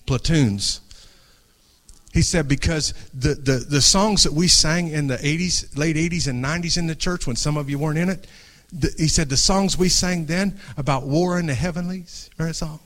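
A middle-aged man preaching an impassioned sermon to a congregation, dropping to a hush and then rising, often restarting phrases. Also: on the high side, a little fast, hardly any pauses. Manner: earnest, swings from hushed to raised, restarts phrases. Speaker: pastor. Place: church before a congregation.

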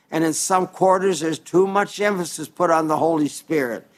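Earnest preacher, a man with a fairly high voice. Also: normal speed. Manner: earnest, emphatic, reads scripture aloud. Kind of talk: sermon.

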